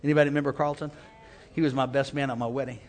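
A man's voice: medium pitch, steady tone, racing. A man preaching a sermon, mixing call-and-response cries with casual asides. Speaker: pastor. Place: church sanctuary. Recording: long hall reverb.

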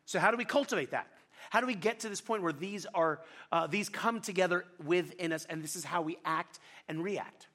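A middle-aged male pastor preaching a sermon in a lively, self-deprecating storytelling manner, talking fast and animated. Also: sits high.

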